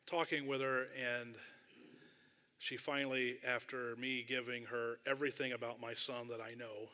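A man's voice: medium pitch, bright, forceful tone. A middle-aged man preaching a sermon, telling a self-deprecating personal story in a conversational way with frequent asides. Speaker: pastor. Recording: long hall reverb.

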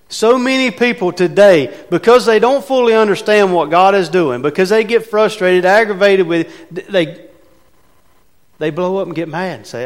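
A man's voice: high voice, normal speed. A man preaching a sermon from the pulpit, talking conversationally and with emphasis, asking his congregation rhetorical questions. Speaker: pastor. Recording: long reverb of a large hall.

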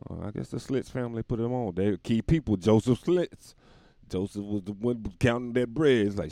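A tired man rambling through a casual comedic monologue, laughing often and breaking into loud put-on voices. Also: medium pitch, moderate pace, no room sound, clean studio sound. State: dog tired.

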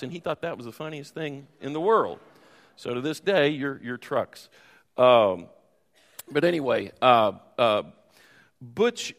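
Middle-aged male pastor, rambling anecdotal sermon, mid pitch, long church-hall echo. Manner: rambling anecdotal storytelling with many fillers. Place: church sanctuary.

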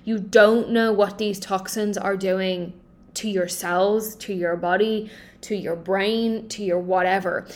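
A woman's voice: medium pitch, fairly even intonation, takes it slowly. Woman, young adult, podcast host, passionate, emphatic, swears freely, filler-heavy casual talk. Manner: impassioned and emphatic, swears often, says "like" a lot.

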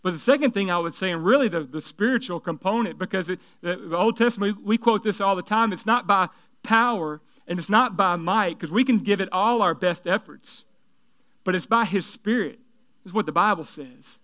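A man's voice: high-pitched, fairly quick, fairly bright tone, dry recording. A man preaching a sermon as pastor, in a conversational style full of rhetorical questions.

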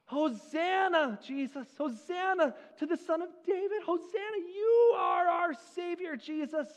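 A man acting out excited young children who shout praise in a sing-song way. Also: very high voice, a little slow, long reverb tail, voice pushed up. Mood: jubilant.

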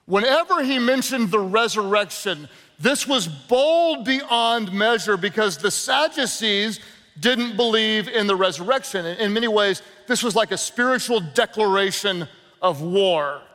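High-voiced Southern preacher in a big hall. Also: male voice, a little slow. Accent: Southern American. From American South. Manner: energetic, humorous storytelling with crowd call-and-response. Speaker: guest pastor. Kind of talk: sermon. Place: large church auditorium. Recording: long reverb of a big hall.

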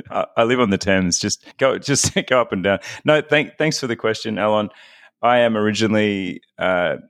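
A middle-aged Australian man with a lowish voice, chatting as a podcast guest. He tells his own story in a loose, self-deprecating way. The sound is dry and close. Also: normal speed, a bit bright, no echo. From Melbourne, Australia. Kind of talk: casual interview chat.

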